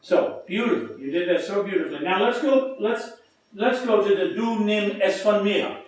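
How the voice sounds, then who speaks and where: A man's voice: sits high, normal speed. A man, a voice teacher coaching a singer in a masterclass, talking with animation and singing short demonstrations. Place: recital hall. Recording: echoey hall, distant mic.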